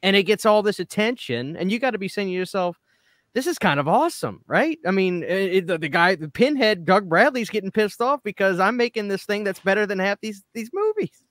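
A man's voice: high-pitched, expressive, a little fast, fairly bright tone, no echo. A man hosting a podcast interview who asks long, rambling questions in a blunt and profane way. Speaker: podcast host. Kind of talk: casual interview chat.

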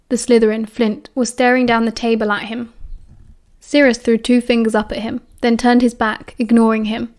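A woman's voice: on the high side, level tone, normal speed, darkish tone. A woman with a British accent reading an audiobook chapter aloud, shifting her voice for the characters. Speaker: audiobook narrator.

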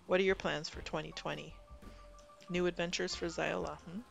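A woman co-hosting a livestream in casual, upbeat chat, quick to laugh. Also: on the low side, fairly even intonation, gravelly, soft background music. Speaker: co-host.

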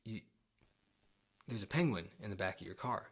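A man's voice: on the low side, lively intonation, normal speed, husky. Man doing a puzzled gas station clerk.

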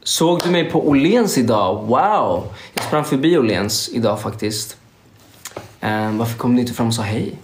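A man's voice: medium pitch, expressive, normal speed. A young man from Sweden, hosting a casual livestream and chatting playfully with viewers while tired. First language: Swedish. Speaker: livestream host. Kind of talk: casual livestream chat reading viewer comments. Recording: roomy echo.

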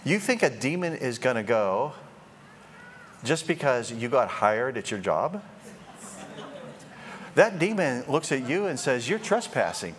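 Male preacher, animated and joking, pitch jumping all over, faint room noise behind. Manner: animated, joking, acts out quoted voices. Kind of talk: sermon.

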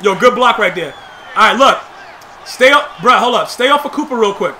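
A man calling his own game live in a very high, sharp-edged voice, full of slang and trash talk. He swings from muttered play calls to loud shouts at big plays. The delivery is loose and excitable. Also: moderate pace, slight background noise. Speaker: gamer. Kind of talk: live gameplay commentary.

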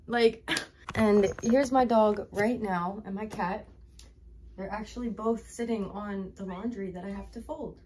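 A woman's voice: mid-range voice, normal speed, darkish tone, a little hiss or hum. A young woman vlogging casually at home, chatty and upbeat, talking straight to her viewers. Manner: chatty, talks baby talk to her pets. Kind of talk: casual vlog chat.

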